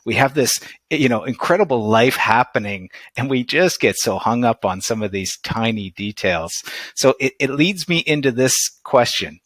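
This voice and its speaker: A man's voice: medium pitch, expressive, moderate pace, few pauses, fairly bright tone, dry recording. A man hosting a coaching podcast, asking his guest questions and reflecting thoughtfully on the answers. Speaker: podcast host and performance coach.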